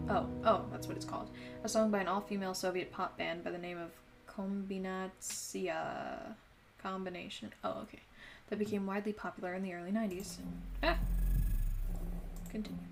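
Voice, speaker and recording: Young woman doing a let's play, reads the game text, chatty asides, loud game music behind. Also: mid-range voice. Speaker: gaming channel host.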